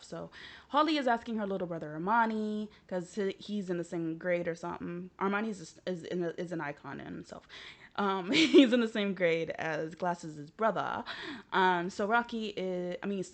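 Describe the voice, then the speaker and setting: A young woman from the United States talks casually about a show she loves, retelling scenes with lots of swearing and laughter. Her voice sits at an ordinary middle pitch, and her telling is lively and unscripted. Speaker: show recapper. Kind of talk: casual chat.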